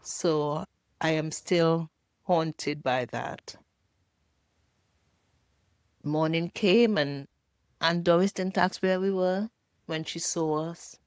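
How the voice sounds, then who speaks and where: Older woman from Jamaica, personal testimony, halting and emotional, very slow delivery, dry close sound. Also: sits low, clear, resonant tone, no room sound. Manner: halting, emotional, pausing often. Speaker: survivor telling her life story.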